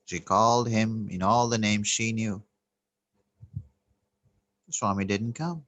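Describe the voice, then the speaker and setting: Low-voiced man giving a spiritual talk. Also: fairly even intonation, a bit bright. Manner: earnest, unhurried, with frequent fillers and restarts. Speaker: spiritual teacher. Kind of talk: spoken spiritual teaching with storytelling.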